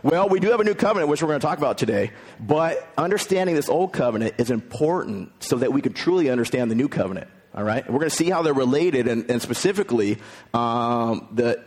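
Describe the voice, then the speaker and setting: A pastor preaching a sermon in a relaxed, conversational way, reading scripture and retelling it in everyday words. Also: male voice, mid-range voice, slightly rough.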